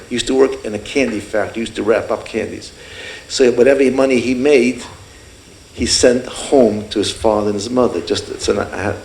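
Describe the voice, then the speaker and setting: A man in his sixties telling a heartfelt story at a fundraiser, earnest and warm, often acting out the people in his story. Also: on the low side, gravelly. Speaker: speaker at a fundraiser. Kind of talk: emotional storytelling speech. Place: event hall. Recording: echoey hall with faint room noise.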